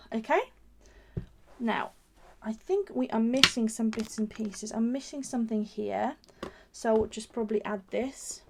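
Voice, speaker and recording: A woman with a slightly high voice walks viewers through a craft technique step by step, thinking aloud as she goes. She keeps admiring each result, warmly enthusiastic and chatty. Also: creaky, noisy background. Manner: gushing, admiring her own work. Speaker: craft shop founder and demonstrator. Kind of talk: live craft demonstration.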